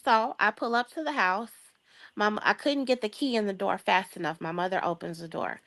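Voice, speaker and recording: A young adult woman from the Chicago area, a guest telling a long story in a casual chat, lively and acting out the voices of the people in it. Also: medium pitch, a little fast. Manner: lively, acts out quoted voices, laughs often.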